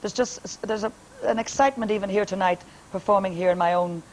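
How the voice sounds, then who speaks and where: Northern Irish woman, deep powerful voice, jokey guest who laughs a lot. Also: a little fast, slight background noise, low-quality recording. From Northern Ireland. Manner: hearty, laughs often, comic storyteller. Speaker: singer and guest. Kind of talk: joking TV chat.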